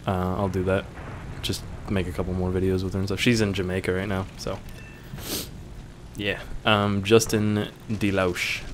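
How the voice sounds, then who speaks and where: A man's voice: sits low, little pitch movement, normal speed, background noise. A young man reading viewer questions aloud and answering them in a casual, joking way, swearing now and then.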